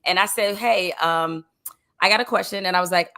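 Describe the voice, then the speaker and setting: A woman's voice: on the low side, normal speed, pushed and bright. A woman co-hosting a casual chat, giving her take in a reflective way with emphatic rhetorical questions. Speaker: co-host.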